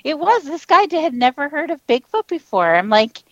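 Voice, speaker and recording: A woman's voice: sits high, very animated, moderate pace, fairly bright tone, no room sound, highs cut off. A woman co-hosting a podcast, rambling through stories in a chatty way and laughing often. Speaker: podcast co-host. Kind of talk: casual storytelling chat.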